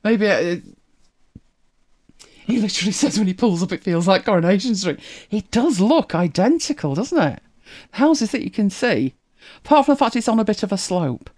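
Chatty streamer with a softened northern English accent. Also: medium pitch, sing-song, moderate pace. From northern England. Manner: chatty, laughs often, muses aloud. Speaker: streamer reacting to videos. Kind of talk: casual reaction chat to viewers.

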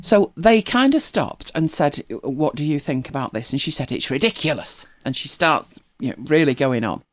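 Lively chatty woman. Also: deep voice, normal speed, hardly any pauses, no echo. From northern England. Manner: chatty storytelling, lots of laughing asides. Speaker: co-host. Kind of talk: casual chat.

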